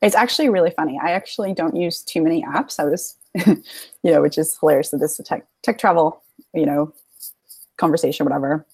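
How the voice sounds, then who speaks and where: A woman's voice: low voice, a little fast, darkish tone, husky, no echo. Bubbly American woman telling stories. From United States. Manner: chatty, bubbly storyteller, laughs often. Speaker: podcast guest. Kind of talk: casual chat.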